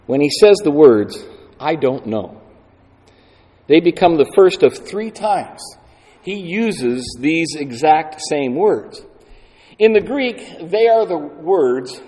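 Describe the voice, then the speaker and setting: Slow, deliberate male preacher in a hall. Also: medium pitch, dark tone. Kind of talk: sermon. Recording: long hall reverb.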